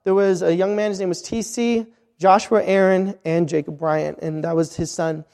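A high-pitched man preaches with earnest urgency, circling back and restarting his phrases as he pleads with the listener. His voice rings out with a long hall reverb behind it. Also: steady tone, moderate pace, gravelly, darkish tone. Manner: earnest, repetitive, with frequent restarts. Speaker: missionary preacher. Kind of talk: sermon.

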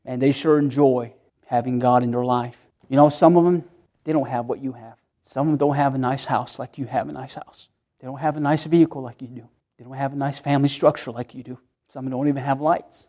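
A man's voice: medium pitch, fairly even intonation, a little fast, mellow. A middle-aged man, a pastor, preaching an earnest sermon in church, repeating himself and restarting phrases as he pleads with his listeners.

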